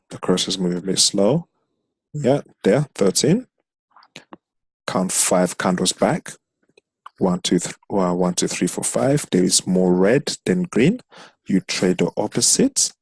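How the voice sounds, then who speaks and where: A man's voice: deep voice, slightly rough, no echo. A man teaching a trading strategy over a screen share, explaining step by step and counting chart candles aloud. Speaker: trading instructor.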